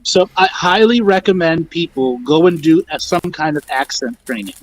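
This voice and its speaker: A man's voice: fairly high pitch, expressive, moderate pace, slight background noise, low-quality recording. A man hosting a spiritual teaching talk, guiding the guests and checking in with "okay?". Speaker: host and teacher.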